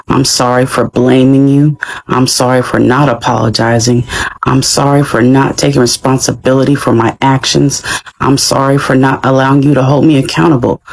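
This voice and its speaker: A man delivering a long, earnest apology monologue as a steady, repetitive list. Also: mid-range voice, vocal fry, low-quality recording.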